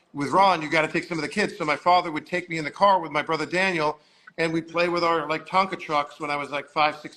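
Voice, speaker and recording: A roughly sixty-year-old man from Long Island, New York, appears as a guest storyteller in an agency office, spinning long, rambling anecdotes and imitating the voices of people he quotes. His voice is on the high side with a sharp tone. The recording is rough, with slight background noise.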